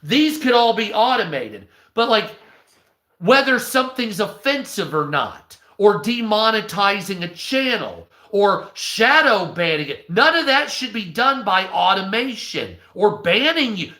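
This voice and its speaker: High, bright-voiced man ranting. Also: unhurried, echoey room. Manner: profane, animated, acts out quoted voices. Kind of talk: casual ranting commentary.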